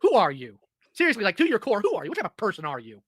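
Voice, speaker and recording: A man in a heated confrontation, talking fast and hammering his point. His voice is bright and forceful, swinging widely in pitch, recorded close and dry. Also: wildly swooping pitch, slightly rough, no room sound. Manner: lecturing, insistent, repeats himself. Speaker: streamer in an online argument.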